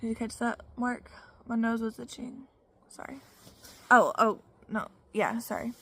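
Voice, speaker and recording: A woman from Arkansas, US, vlogs her personal story casually, frankly and profanely, leaning on "you know" fillers. Her fairly high voice has fairly even intonation and a fairly bright tone, and she speaks a little slowly.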